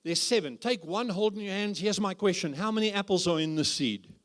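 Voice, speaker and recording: A man's voice: high-pitched, brisk, a bit bright. A man preaching as a guest speaker at a church conference, humorous and full of rhetorical questions. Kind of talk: conference sermon.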